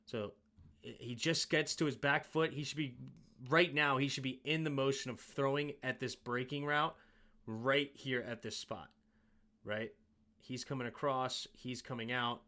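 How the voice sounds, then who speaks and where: A man's voice: medium pitch, steady tone, unhurried, sharp tone. Casual man breaking down game film. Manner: analytical, thinks aloud, self-mocking asides. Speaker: sports show host breaking down game film.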